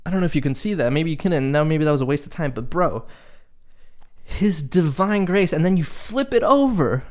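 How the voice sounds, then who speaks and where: A young man hosting a casual solo podcast, telling stories in an animated, profane, exasperated way. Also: fairly high pitch, fast talker. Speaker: podcast host.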